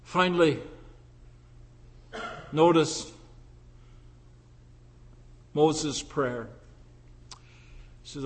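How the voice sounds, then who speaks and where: A male pastor preaching a sermon with passion, swinging from loud declarations to hushed, intimate lines. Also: sits high, a little slow.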